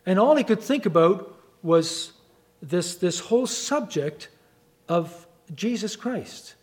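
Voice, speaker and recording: High-voiced man preaching a sermon. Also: slow. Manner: animated storytelling, acts out quoted voices with wide pitch swings.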